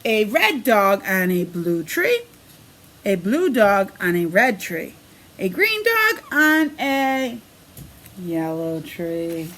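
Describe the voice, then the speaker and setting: A woman preschool teacher reading a picture book aloud to young children in a sing-song storybook manner, pausing to ask the kids questions. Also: mid-range voice, big pitch swings, a bit bright, slight background noise.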